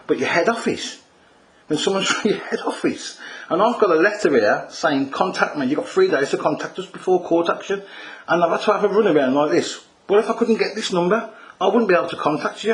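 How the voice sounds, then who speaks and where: Irate man on a phone complaint. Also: high-pitched. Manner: irate, repetitive, calls the agent mate. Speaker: customer.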